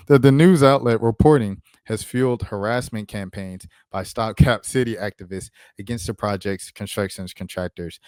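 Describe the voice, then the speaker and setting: A man with a fairly low voice runs his own channel, reading news reports aloud and breaking in with loose, offhand remarks. His delivery is casual and conversational, and the recording is dry and close. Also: a little mellow, smooth, no room sound. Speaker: channel host.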